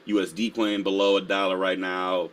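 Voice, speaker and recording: A man's voice: sits low, level tone, moderate pace, a bit bright. A man hosting a casual live stream, full of energy, laughing often and reading the chat aloud. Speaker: livestream host.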